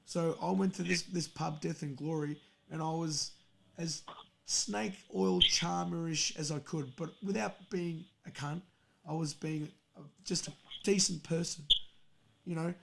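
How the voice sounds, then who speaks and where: A man's voice: fairly high pitch, creaky. A young man hosting a podcast, telling a story in a heated, profane casual rant. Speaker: podcast host. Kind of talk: angry casual rant on a stream.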